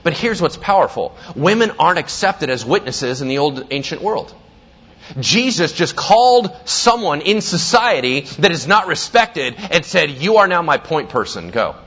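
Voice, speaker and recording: A man preaching a sermon, telling the story with lively energy and acting out the characters' voices. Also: on the high side, normal speed, breathy edge, dull audio. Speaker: pastor.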